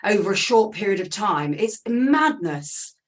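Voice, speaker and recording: A woman's voice: mid-range voice, sing-song, a little slow. Author joining a call, female, rambling casual chat. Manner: chatty, with many fillers, repeats "it's true, isn't it?".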